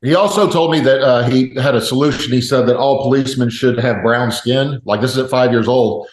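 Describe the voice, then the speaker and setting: A man's voice: medium pitch, a little fast. Guy on a podcast telling funny stories, doing little voices for people, echoey room. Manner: storytelling, acts out quotes. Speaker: podcast co-host. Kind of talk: casual chat. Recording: roomy echo.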